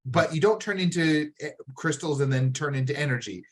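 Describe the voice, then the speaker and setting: A man's voice: fairly high pitch, a little fast. A man, a player, casually thinking aloud about a tabletop game, in a tentative way.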